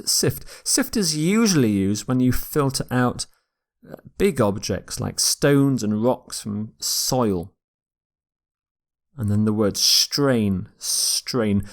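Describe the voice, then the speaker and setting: A man gives a vocabulary lecture at an unhurried pace, saying each word slowly. He repeats key words to model their pronunciation, in a voice of middling pitch. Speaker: English teacher.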